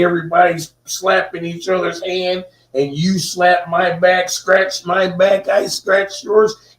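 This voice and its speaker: A man's voice: fairly high pitch, reverberant, far from the mic, poor audio. A man hosting a watchdog channel, delivering fiery commentary with an impassioned, indignant edge.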